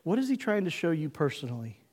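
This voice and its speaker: Male pastor, middle-aged, high voice, emphatic sermon, dramatic pauses, long church-hall reverb. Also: big pitch swings, darkish tone. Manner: emphatic, call-and-response preaching with dramatic pauses. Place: church sanctuary.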